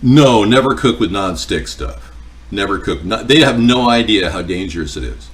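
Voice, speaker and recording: Lively, rambling man cooking at home. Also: fairly low pitch, moderate pace, far from the mic. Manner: rambling, chatty, jokey. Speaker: cooking livestream host. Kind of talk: casual chat answering viewer comments. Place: home kitchen.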